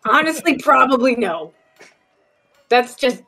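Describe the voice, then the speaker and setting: A woman playing a tabletop game on an online voice call, making quick giggly asides. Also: fairly high pitch, lively intonation, sharp tone, faint music behind. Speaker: player. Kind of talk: casual tabletop play.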